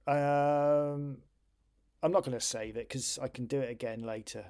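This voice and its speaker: Tired male streamer, casual, self-talking commentary, mid-pitched voice. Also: steady tone, a little slow, a little mellow, clean tone. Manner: tired, thinking aloud while waiting on a computer. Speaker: retro computing streamer.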